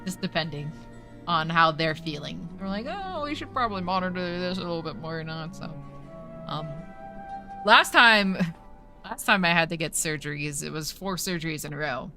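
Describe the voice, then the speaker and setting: A woman's voice: fairly low pitch, animated, normal speed, over music. A woman streamer in casual live-stream chat with viewers, chatty and thinking aloud, swearing casually.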